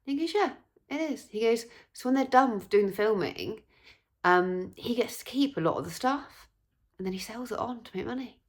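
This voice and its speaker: A woman's voice: fairly high pitch, moderate pace. A young woman from England telling a story in a chatty vlog, acting out what people said. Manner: chatty, animated, acts out quoted voices. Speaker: vlogger. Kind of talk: casual storytelling.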